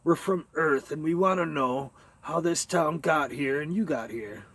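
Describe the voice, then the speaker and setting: A man's voice: fairly high pitch, measured pace, fairly bright tone, no room sound, pitched above the performer's own voice. A man voicing a bewildered spaceship captain who stammers and pleads with a stranger. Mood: pleading. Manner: uncertain and pleading. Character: flustered male spaceship captain, middle-aged.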